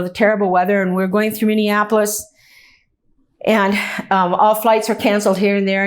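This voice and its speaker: A middle-aged woman giving a motivational talk, telling stories earnestly with touches of humor and lively quoted dialogue. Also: medium pitch. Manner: earnest storytelling with warm humor, lively quoting. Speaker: inspirational speaker. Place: meeting or talk venue.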